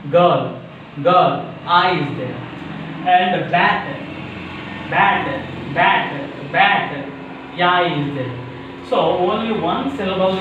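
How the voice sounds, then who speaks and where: A man with an Indian English accent teaching a lesson on syllables, repeating words and breaking them into parts, often asking if it is clear. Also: on the high side, a bit bright. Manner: repetitive, drills words syllable by syllable, asks "is it clear?". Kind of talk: classroom lecture on syllables. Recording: very echoey room, mic at a distance, faint noise.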